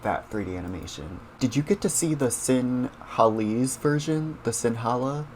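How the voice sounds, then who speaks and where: A man's voice: medium pitch, lively intonation, normal speed, a little mellow, slight background noise. A man hosting a casual reaction show, chatting with viewers about cartoon scenes and using lots of fillers.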